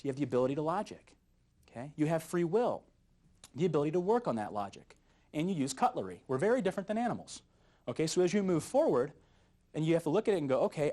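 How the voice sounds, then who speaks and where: Chatty, joking Bible study teacher, man. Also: fairly high pitch. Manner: jokey, animated, chuckles at his own jokes. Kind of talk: teaching a youth Bible lesson.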